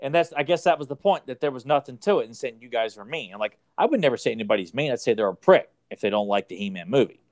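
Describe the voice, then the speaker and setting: A man's voice: medium pitch, animated, fast talker, few pauses, darkish tone. A man co-hosting a casual podcast chat, teasing his friends and mimicking them in mocking voices. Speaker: podcast co-host.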